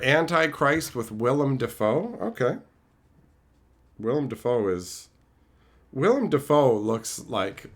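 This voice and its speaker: Lively, bright-voiced Canadian streamer. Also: male voice, mid-range voice. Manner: sarcastic, swearing, swinging to loud exasperation. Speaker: streamer reading chat. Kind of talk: casual livestream chat.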